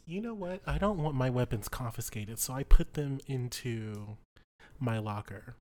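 A man playing in a tabletop game, playful and quick to laugh. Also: medium pitch, animated, darkish tone. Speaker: player. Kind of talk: casual tabletop role-play.

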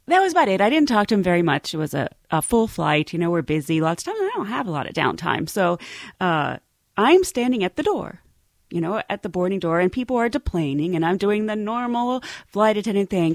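Lively woman telling a story, dry sound. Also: mid-range voice, moderate pace, no echo. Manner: animated, laughs often, acts out quoted voices. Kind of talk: casual storytelling.

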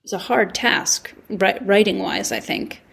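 A woman's voice: mid-range voice, expressive, a little slow, vocal fry, a bit bright, breathy edge. A woman chatting casually with former castmates, speaking thoughtfully and searching for her words. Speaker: actress reminiscing with former castmates. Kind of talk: casual chat.

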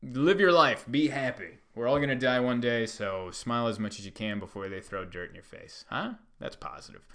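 A man, a comedian, telling a long story in a rambling way with many fillers and loud bursts when he acts out other people. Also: medium pitch, moderate pace, few pauses. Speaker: stand-up comedian. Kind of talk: storytelling monologue.

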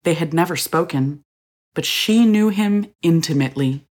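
Female narrator for audio fiction, low register, steady expressive reading. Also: moderate pace. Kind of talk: scripted story narration.

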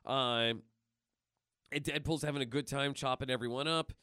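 A man co-hosting a casual podcast, talking excitedly and rambling with many fillers. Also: medium pitch, normal speed, clean tone, dry recording, clean studio sound. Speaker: podcast co-host. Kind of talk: casual chat.

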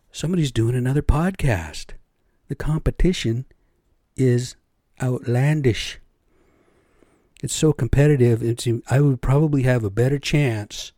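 A man's voice: mid-range voice, warm tone, no room sound, clean studio sound. A middle-aged man hosting his own podcast on a cheap home setup, rambling and swearing freely while asking rhetorical questions. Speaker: podcast host. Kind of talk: casual solo podcast rant.

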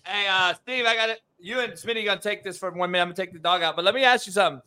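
A man's voice: sits high, rapid-fire, pushed and bright, clean tone. A male host keeping the talk loose and hyped, cursing casually with his guests. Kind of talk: casual sports show banter.

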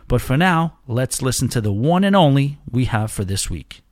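A man's voice: medium pitch, big pitch swings, normal speed, a little mellow, dry recording. Male podcast host, loose and self-deprecating, dry booth sound. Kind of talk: casual solo podcast chat.

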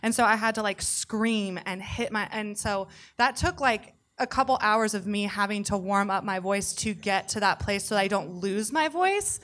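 A woman's voice: medium pitch, normal speed, few pauses, a bit bright. A woman voice actor answering at a convention panel, speaking casually and chattily, with lots of "like" fillers.

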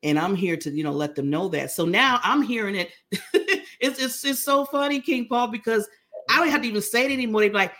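A middle-aged woman talking casually as an interview guest, animated and laughing often. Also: medium pitch, fairly quick. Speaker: guest, brand founder.

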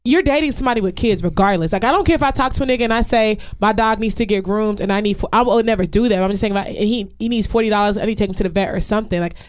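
A woman's voice: mid-range voice, very fast, few pauses, a little mellow, dry recording, studio quality. A woman in a casual group discussion, arguing her point emphatically and restarting her sentences.

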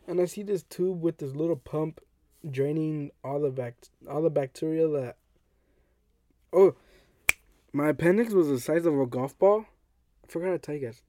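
A young adult man hosting a podcast, telling a personal story in a casual, animated way and acting out what others said. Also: a little high, no echo, studio quality. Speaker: podcast host.

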